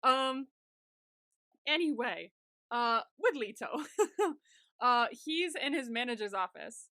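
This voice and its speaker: A podcast co-host with a high-pitched, bright, clear voice chats casually and animatedly, giggling often and slipping into quick impressions of the characters she describes. Her voice sounds close and dry, with no echo or room around it.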